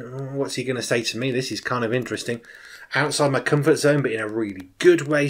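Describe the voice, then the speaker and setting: A children's minister in his forties preaches by sharing an informal, animated personal testimony. His loudness swings emphatically, and his voice is medium-pitched.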